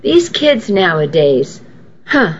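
A woman's voice: fairly low pitch, big pitch swings, slow. Woman doing a gossipy old porch lady. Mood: disapproving. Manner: gossipy, disapproving. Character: prim older lady on a nursing home porch. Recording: dull, faintly noisy recording.

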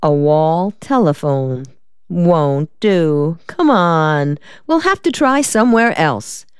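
A woman reading the part of a quick-witted, sassy young female secretary in an audiobook, with a wry drawl. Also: low-pitched, big pitch swings, smooth, no echo, clean studio sound, exaggerated voice.

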